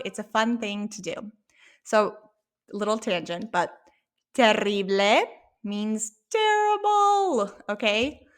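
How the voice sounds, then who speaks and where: Bright, animated woman teaching a lesson. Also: a little high. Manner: slow, drawn-out demonstration of words with frequent "okay?" checks. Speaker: Spanish teacher. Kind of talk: online language lesson. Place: at home.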